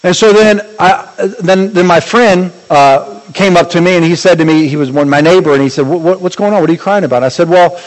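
A man preaching a sermon as a pastor, animated, with bursts of exclamation and light humor. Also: high voice, a little fast, few pauses, in a large hall, low-quality recording.

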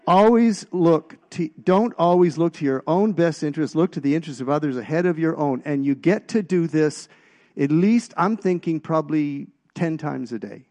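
Brief: middle-aged male preacher, gravelly testimony voice, loose and storytelling. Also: on the high side, dark tone. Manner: storytelling, halting restarts, rises in volume at punchlines. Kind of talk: personal testimony sermon.

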